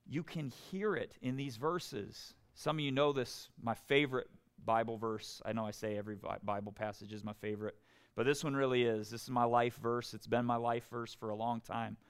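A man's voice: medium pitch, fairly even intonation, moderate pace, smooth. A man preaching a sermon as pastor, talking in a conversational way and often putting questions to his listeners. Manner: conversational, asks the congregation questions.

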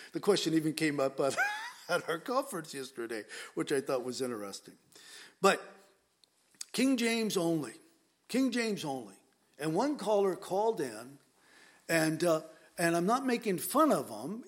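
Earnest, emphatic preacher, a man. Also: a little high. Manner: earnest, emphatic, repeats words when pressing a point. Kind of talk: conversational sermon.

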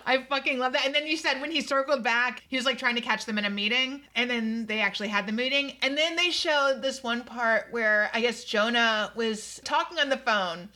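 A woman in casual chat, animated and quick to laugh, acting out quotes as she talks. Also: a little high.

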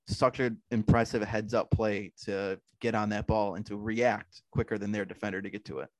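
A man's voice: mid-range voice, darkish tone, dry recording. A man hosting a casual sports podcast, recapping the match in a laid-back, rambling way. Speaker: podcast host.

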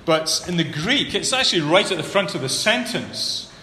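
A man preaching a sermon, building to emphatic peaks and then dropping low and earnest. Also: sing-song, normal speed, sharp tone. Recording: echoey hall with long reverb, faint room hum.

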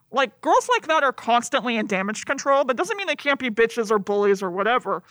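A woman's voice: fairly high pitch, animated, fairly quick, few pauses, a bit bright, no room sound, studio quality. A young woman co-hosting a casual podcast about a movie, blunt, sweary and sarcastic. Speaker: podcast co-host.

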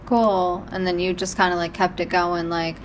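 A woman's voice: on the low side, completely flat delivery, a little fast, a little hiss or hum, poor audio. A woman from Iowa co-hosting a casual chat podcast from a balcony, chatty and rambling. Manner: chatty, rambling, lots of fillers. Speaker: podcast co-host. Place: balcony behind a glass panel.

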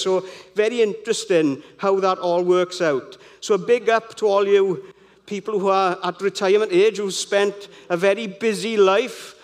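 A middle-aged man gives a sermon in a conversational, rambling way full of personal anecdotes. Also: sits high. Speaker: preacher.

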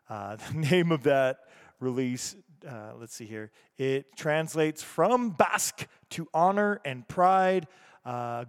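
A man's voice: mid-range voice, smooth. A man hosting a music show, talking casually and rambling with fillers and self-corrections.

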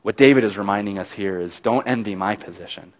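A man's voice: lowish voice, fast talker. A middle-aged man preaching a sermon in a conversational, folksy way, with easy laughs between points. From not from Alabama. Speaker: pastor.

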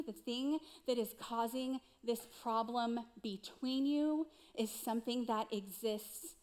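A woman pastor preaching a sermon in an earnest, direct way, putting questions to the congregation. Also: on the high side.

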